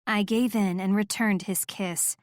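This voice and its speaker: A woman narrates a first-person romance audiobook, soft and intimate in her delivery. Her voice is mid-pitched and the recording is close and completely dry. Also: fairly even intonation, a little slow, no room sound.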